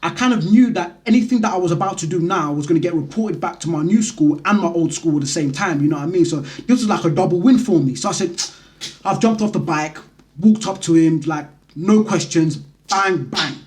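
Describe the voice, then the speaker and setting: A man's voice: high voice, fast talker, darkish tone. A young man casually telling a story from his school years, peppering it with "you know what I mean".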